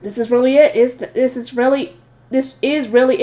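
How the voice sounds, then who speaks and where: A woman's voice: sits high, moderate pace, darkish tone. A woman reading a light novel aloud with a slightly nasal voice, breaking off into chatty, emotional asides. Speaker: audiobook reader.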